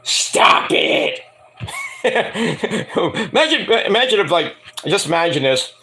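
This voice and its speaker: A man's voice: high-pitched, sing-song, unhurried, vocal fry, sharp tone. A man giving a casual review vlog, rambling and swearing, mocking people as he goes. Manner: rambling, profane, mocking rants. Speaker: wrestling show reviewer.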